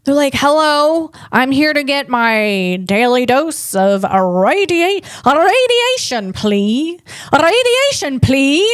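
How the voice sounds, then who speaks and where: A woman's voice: sits high, very animated, takes it slowly, dry recording, clean studio sound, exaggerated voice. A woman voicing a greedy, radiation-hungry fungus that eagerly orders radiation like drinks. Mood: greedy, gleeful.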